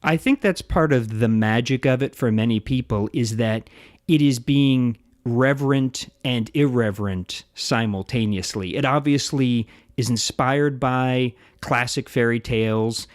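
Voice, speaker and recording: A man's voice: mid-range voice, no echo. Chatty man with a dry voice. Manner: chatty, explains at length with asides. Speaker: podcast co-host. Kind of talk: casual chat.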